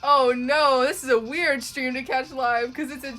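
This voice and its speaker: A woman's voice: high-pitched, fairly even intonation, moderate pace, bright, forceful tone, faint music behind. A young woman from Ontario with a Toronto Canadian accent, chatting casually and rambling with swearing while she draws on a live stream.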